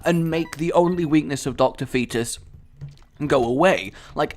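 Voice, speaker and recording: A young man commentating his own gameplay in a rambling, chatty way. His pitch swings widely, and his voice jumps into excited shouts now and then. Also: slight background noise. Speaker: gaming channel host. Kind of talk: let's play commentary.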